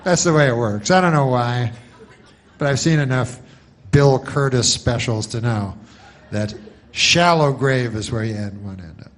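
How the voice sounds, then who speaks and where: A man doing a stand-up comedy monologue, deadpan and rambling through long setups. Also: mid-range voice, normal speed.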